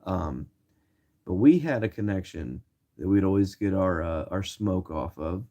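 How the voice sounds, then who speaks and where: Young male vlogger, early twenties, rambling slangy storyteller, lowish warm voice. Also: expressive, measured pace. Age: 20s. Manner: slangy, rambling, many fillers and restarts. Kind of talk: casual storytelling to camera.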